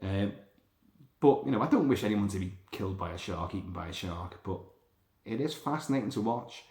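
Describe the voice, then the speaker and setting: A man with a lowish voice rambles through a sweary, animated monologue. He tells stories loosely and jumps between thoughts. The room sounds roomy and echoey. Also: brisk. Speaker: podcast host. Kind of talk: casual monologue. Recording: roomy echo.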